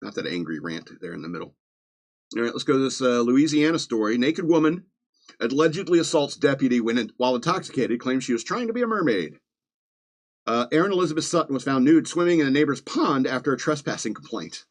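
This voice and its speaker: A man's voice: medium pitch, lively intonation, quick pace. A man hosting a podcast from Virginia, reading news stories with sarcastic, chuckling asides in a casual comedic style. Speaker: podcast host.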